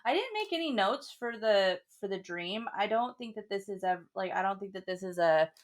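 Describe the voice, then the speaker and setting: A woman co-hosting a book podcast, chatting casually with many fillers and quick laughs. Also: mid-range voice, lively intonation. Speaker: podcast co-host. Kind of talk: casual book-club chat.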